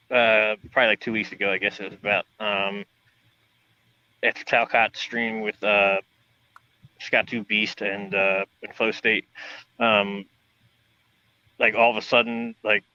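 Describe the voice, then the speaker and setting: Man, host, bright tone, dull lo-fi home mic, chatty questions. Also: fairly low pitch, flat delivery, normal speed, pauses often, dry recording. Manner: chatty, filler-heavy questioning. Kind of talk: casual online panel chat. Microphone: headphones and home mic on a video call.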